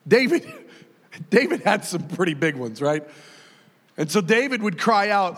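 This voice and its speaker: A man delivers a sermon in a bright, high-pitched voice, chatty and animated, breaking into acted-out exclamations. His voice rings with a long hall reverb. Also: takes it slowly, long pauses, breathy edge. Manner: animated, conversational, acts out quoted voices. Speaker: pastor.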